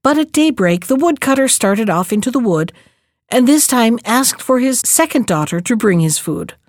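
A woman librarian reading a fairy tale aloud with a clear, even storytelling delivery. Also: fairly high pitch, moderate pace, dry recording, studio quality. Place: library recording.

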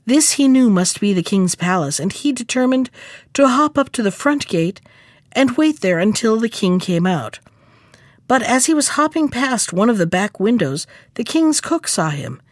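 Expressive woman reading a fairy tale. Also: on the high side, normal speed, no echo, clean studio sound. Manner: expressive, sing-song storytelling. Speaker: storyteller.

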